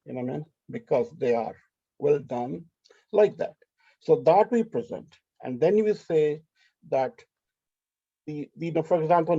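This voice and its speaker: A man's voice: fairly high pitch, creaky, warm tone, husky, dry recording, highs cut off. A man organizing a festival rehearsal, talking casually and rambling, often asking "you know what I mean", over a video call.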